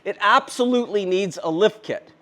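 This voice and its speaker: A fifty-year-old man rushing through a casual DIY vlog, a bit out of breath as he lifts the cart while he talks. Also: high voice, pushed and bright. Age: 50s. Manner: rushed and chatty, talking while lifting and handling the cart. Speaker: DIY maker and channel host.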